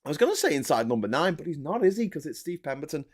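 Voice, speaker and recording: A man's voice: a little high, very animated, rapid-fire. A man in his forties, hosting a casual live stream and rambling animatedly, with the odd swear. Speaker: livestream host. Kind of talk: casual live-stream chat while building.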